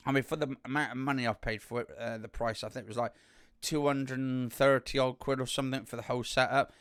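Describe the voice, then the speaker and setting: A YouTuber with a steady, smooth, medium-pitched voice talks fast into a studio condenser mic, in a dry recording. He vlogs to camera casually and rambles, full of ums and restarts.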